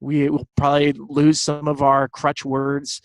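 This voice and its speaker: A man from Southern California, a baseball broadcaster and guest, telling animated stories in casual chat. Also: fairly high pitch, a little slow, no room sound. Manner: animated storytelling, fond of quoting others.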